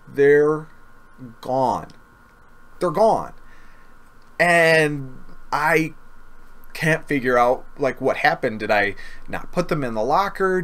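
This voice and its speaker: A man's voice: medium pitch, fairly bright tone. A man casually telling a personal story to camera, earnest and often repeating himself or stumbling over words. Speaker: gaming video creator.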